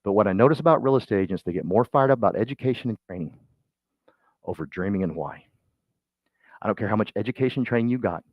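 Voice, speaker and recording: A man giving a motivational real estate training talk, folksy and energetic, swinging from loud bursts to quiet asides. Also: fairly low pitch, fast, pauses often, no echo. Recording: dull muffled sound, dry.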